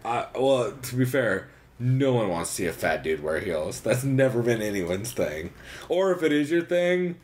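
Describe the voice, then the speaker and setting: A man's voice: mid-range voice, sing-song, moderate pace, a little mellow. A man co-hosting a podcast, breaking down fight cards in a loose, profane, joking way and laughing often. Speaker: podcast co-host. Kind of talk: casual chat, fight breakdown.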